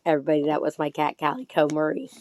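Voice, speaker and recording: A woman's voice: deep voice, animated, rapid-fire, darkish tone, a little hiss or hum. Outspoken woman vlogger, emphatic. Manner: outspoken and emphatic, repeating points; sweet baby talk when calling her chickens. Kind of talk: casual to-camera commentary.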